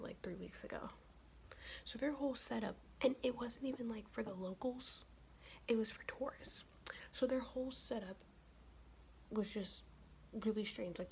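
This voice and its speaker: A young woman speaks in a soft whisper, chatting casually and swearing freely while getting ready in an ASMR video. She is sick, and her whisper sits at an ordinary pitch. Faint noise hums underneath. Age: young adult. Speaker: ASMR vlogger.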